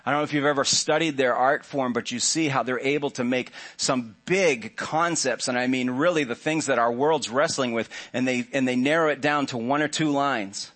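A man's voice: medium pitch, a bit bright. A man preaching to a church congregation in a conversational way, with joking asides to the listeners. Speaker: pastor. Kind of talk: sermon. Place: church sanctuary.

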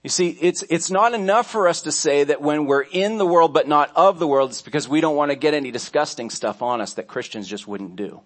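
A man's voice: on the high side, a little fast, few pauses. A man pastor delivering a sermon, telling stories conversationally, with restarts and asides along the way.

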